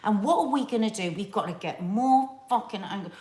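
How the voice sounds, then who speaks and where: A woman's voice: mid-range voice, brisk, dark tone. Middle-aged woman ranting with passion, hammers words over and over, echoey room. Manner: impassioned and emphatic, repeats words for stress. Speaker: co-host of a family talk channel. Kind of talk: casual chat. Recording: roomy echo.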